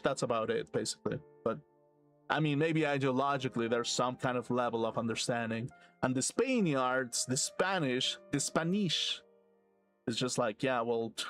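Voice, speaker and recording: This gamer's voice sits at a medium pitch with a slightly bright edge. He streams while rambling through a casual rant, cursing along the way and chuckling at his own remarks.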